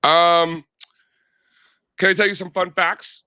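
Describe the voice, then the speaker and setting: Give me an animated man hosting a market chat, high and bright. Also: slow, clean tone, dry recording, clean studio sound. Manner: animated storyteller, loud and playful. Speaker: show host.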